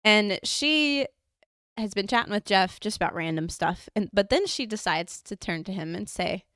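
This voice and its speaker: A young woman chatting on a podcast, rambling through a story with plenty of "like" and restarts. Her voice sits in a middle pitch, recorded close and dry with no room sound. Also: animated, normal speed, fairly bright tone, dry recording. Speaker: podcast co-host. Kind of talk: casual chat.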